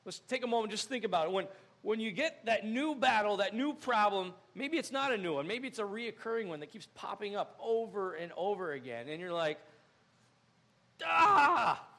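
High-pitched, gravelly-voiced pastor preaching. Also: male voice, brisk. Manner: animated, acts out scenes with sudden loud outbursts. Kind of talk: sermon. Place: church.

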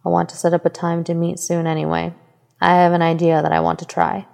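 A woman's voice: lowish voice, monotone, fairly quick, gravelly, darkish tone, long reverb tail. A woman voicing a weary male mentor who speaks in a bored, terse tone.

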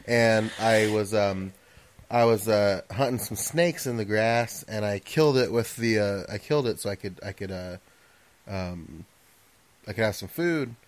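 A man co-hosting a casual podcast, joking around and hesitating with fillers. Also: lowish voice. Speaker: podcast co-host.

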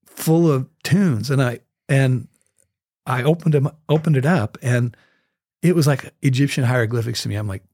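Guy telling music stories on a podcast, lively, scats the beats, dry mic. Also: mid-range voice, normal speed, dry recording. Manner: lively storyteller, scats out the rhythms. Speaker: guest musician. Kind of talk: storytelling interview.

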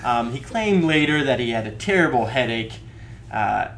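A man's voice: mid-range voice, animated, normal speed, a bit bright, slight background noise. A young man in casual chat, telling rambling stories with frequent laughs.

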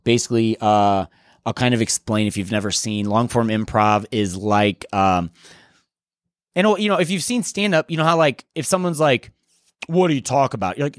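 A young man hosting a solo podcast, chatting in a rambling, profane, excitable way. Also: medium pitch, normal speed, dry recording, studio quality. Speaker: podcast host. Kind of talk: casual solo podcast chat.

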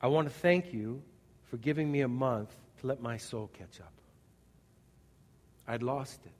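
Animated preacher in a big hall. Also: male voice, mid-range voice, measured pace. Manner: animated, acts out scenes, swings from loud to quiet. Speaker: pastor. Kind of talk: sermon. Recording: long reverb of a large hall.

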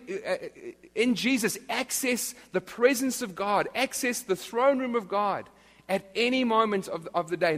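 In a long-reverberating large hall, a male pastor preaches with a high voice that's a bit bright. His sermon is earnest and emphatic, and he often begins his phrases again.

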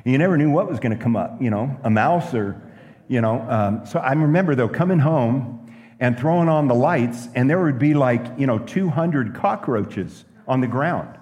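A pastor preaching a sermon, telling stories and asking the room questions. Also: male voice, medium pitch, normal speed, big-room sound, lo-fi sound. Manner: lively preaching with stories and asides.

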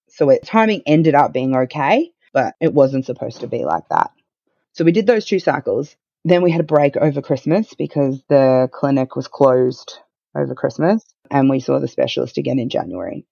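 A woman's voice: very deep voice, a little mellow, no echo. A woman guest on a podcast, telling her own story in a candid, matter-of-fact way with a wry edge. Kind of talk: casual conversational storytelling. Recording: dull lo-fi dry sound.

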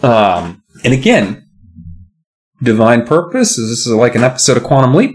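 Animated, jokey male podcast co-host. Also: mid-range voice, moderate pace, slightly rough. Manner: animated, jokey, sound-effect hums. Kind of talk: casual book-recap chat.

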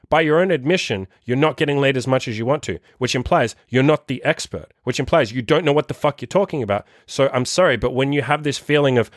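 A man's voice: medium pitch, lively intonation, fast, hardly any pauses, dry recording, clean studio sound. A man in his thirties hosting a dating-coach podcast, giving a blunt, profane motivational rant. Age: 30s. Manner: profane, forceful, rambling.

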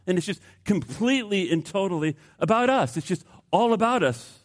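A male pastor preaching a sermon, swinging between loud outbursts and hushed asides, with rhetorical questions and repeated words. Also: on the high side, lively intonation, moderate pace, few pauses. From United States.

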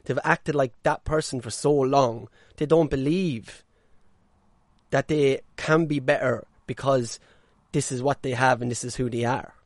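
A man talks straight into the mic, blunt and unfiltered, dropping curses as he goes. His voice sits at a middle pitch. The sound is close and dry, with no room echo. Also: fairly even intonation, unhurried. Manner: blunt, swears freely, mimics people in mocking voices. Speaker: podcast host. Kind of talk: casual monologue podcast. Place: caravan.

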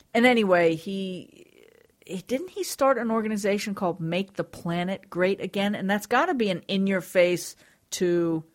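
A woman's voice: sits low, gravelly. A woman co-hosting a talk show, chatting in a sarcastic, laughing way. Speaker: show co-host. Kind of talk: casual chat.

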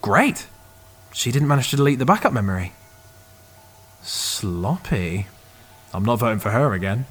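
A wry technician, played by a man, full of dry, quick asides. His husky voice swings widely in pitch. Faint music plays under him in this audio drama. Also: sing-song, a bit bright.

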